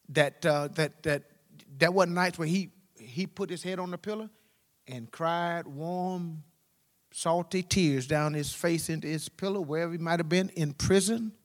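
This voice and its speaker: A pastor preaching a sermon, swinging from loud, rising exclamations to low, quiet asides. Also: male voice. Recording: long hall reverb.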